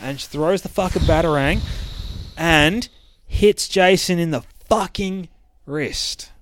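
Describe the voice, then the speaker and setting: A man's voice: on the high side, takes it slowly, no room sound. A man hosting a podcast, casually recapping a comic book in a rambling, profane way. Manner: profane, rambling, acts out characters' lines. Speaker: podcast host.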